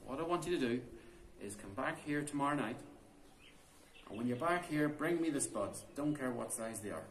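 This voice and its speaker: A man's voice: mid-range voice, animated, normal speed, slight background noise, close to an everyday voice. A man voicing a wee male fairy flute player, sly and friendly, in an echoey stone cave. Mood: scheming. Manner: sly, friendly, then gloomy. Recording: roomy cave echo.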